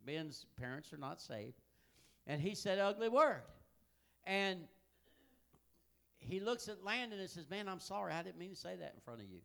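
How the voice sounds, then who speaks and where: An older man preaches in a folksy, storytelling way. His voice sits high and leaps widely in pitch, dropping to hushed asides and then climbing to loud, emphatic peaks. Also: expressive, moderate pace, creaky. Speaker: pastor. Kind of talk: sermon.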